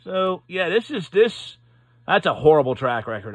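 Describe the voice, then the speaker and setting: A man's voice: on the high side, very animated, a bit bright, no room sound. A man giving a casual, profane, exasperated hockey rant as a sports commentator, stumbling over his words. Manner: profane, exasperated, halting restarts. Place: Pittsburgh.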